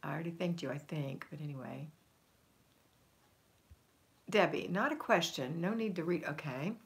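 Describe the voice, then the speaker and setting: A woman's voice: low-pitched, animated, normal speed, creaky. A middle-aged woman hosting a homemaking livestream, reading viewer comments aloud and answering them with encouragement.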